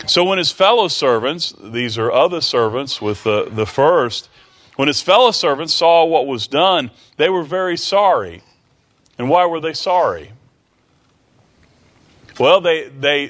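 A man's voice: mid-range voice, fairly bright tone. A man preaching a sermon, retelling a scripture story with dramatic pleading quotes and rhetorical questions to his listeners.

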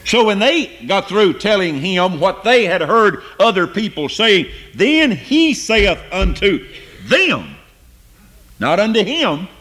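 A man preaching a sermon. He reads scripture and climbs to high, emphatic peaks, then drops low and quiet for his asides. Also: very animated, takes it slowly.

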